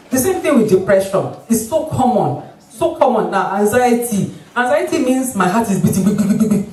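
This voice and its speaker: A Nigerian-accented doctor gives a health talk in a hall, lively and fond of mimicking patients. The voice sits in the middle of the pitch range and carries plenty of room sound. It is picked up from a distance, away from the microphone. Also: normal speed. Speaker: doctor, obstetrician. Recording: roomy hall, voice from far off the mic.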